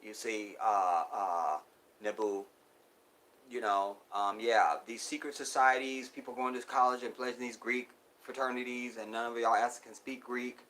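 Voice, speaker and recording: Preachy livestream guy on his phone, goes loud then whispers, y'all this y'all that. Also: mid-range voice, steady tone, normal speed. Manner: preachy, addresses viewers as y'all; swings from loud outbursts to near whispers. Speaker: livestream host. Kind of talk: live streamed commentary.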